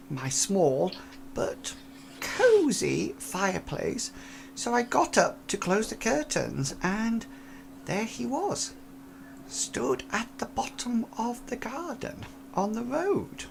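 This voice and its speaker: A man voicing a timid, wary elderly woman neighbor in a tabletop game, with a soft, quavering old-lady voice. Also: high-pitched, creaky, slight background noise, voice pushed up, exaggerated voice. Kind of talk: tabletop game role-play.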